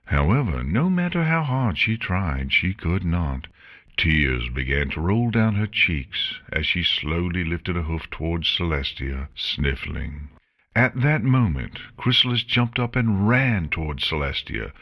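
Deep-voiced male audiobook narrator. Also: unhurried. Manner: expressive, dramatic storytelling.

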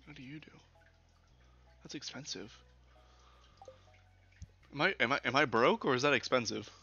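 Through an older desk mic with dull lo-fi quality, a man chats and jokes with viewers during a let's play stream, casually cursing. His voice is medium-pitched, pushed and bright, at a moderate pace. Faint game music sits underneath.

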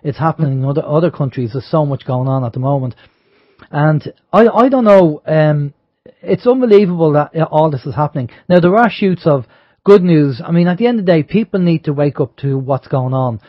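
A man's voice: on the high side, expressive, a little fast, dry recording, highs cut off. A man hosting a radio talk show, speaking earnestly in a rambling way with many fillers. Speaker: radio host.

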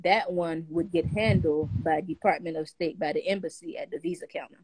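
A woman's voice: low-pitched, a little fast, a little mellow, husky, dry recording, rough recording. A woman explaining a process in a casual, matter-of-fact way.

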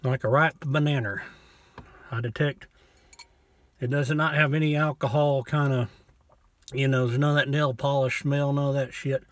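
A man casually reviewing a bottle of rum from inside his parked truck, talking in a folksy, low-key way and cussing now and then. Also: fairly even intonation, moderate pace, long pauses, no echo. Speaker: vlogger reviewing liquor.

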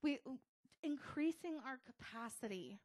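Slow-speaking American woman pastor. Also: high-pitched, lively intonation, a little mellow. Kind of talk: casual sermon.

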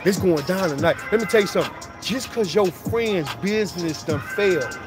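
High-voiced man preaching street motivation. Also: animated, normal speed, few pauses. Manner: street slang, repetitive preaching cadence. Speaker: motivational speaker. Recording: clear music bed under voice.

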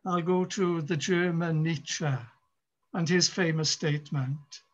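A man preaching a sermon in a church, impassioned, with dramatic pauses and repeated phrases. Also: a little high, fairly even intonation, highs cut off. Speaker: pastor.

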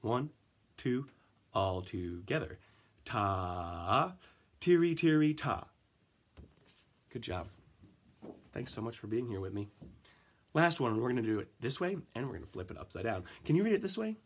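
Teaching children music, a man counts them in and chants rhythm syllables in a sing-song, mid-range voice, encouraging them gently. He is unhurried and leaves long pauses.

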